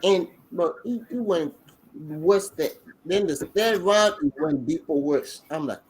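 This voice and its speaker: A man co-hosting a podcast, telling the story in an excitable, slangy way, full of restarts. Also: fairly high pitch, measured pace, breathy edge, rough recording. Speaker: podcast co-host. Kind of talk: casual chat recapping a battle rap event.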